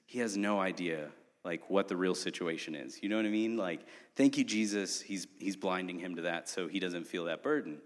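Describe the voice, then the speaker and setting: Animated storytelling man, long reverb. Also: low voice, moderate pace. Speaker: preacher. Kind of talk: sermon storytelling.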